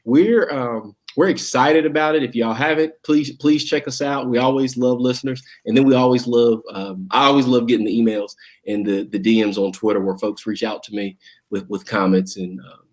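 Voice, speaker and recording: A man's voice: mid-range voice, fairly even intonation, normal speed. A man from Southwest Virginia with its country accent, talking casually as a guest in an interview, rambling with lots of fillers and restarts. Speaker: guest, school district director.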